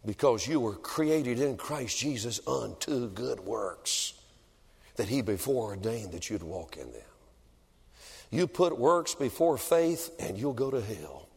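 A male evangelist preaching a revival sermon in a church, swinging dramatically between shouting and hushed tones. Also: medium pitch, animated, takes it slowly, creaky, breathy edge. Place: church building. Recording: long reverb of a large hall.

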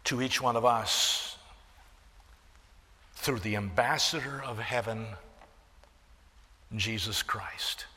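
Guy preaching in a church, goes from near whisper to loud, bright tense voice, big reverb. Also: medium pitch, takes it slowly, pauses often. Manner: swings from hushed near-whispers to loud emphatic declarations; restarts and fillers, quoting scripture. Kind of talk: sermon.

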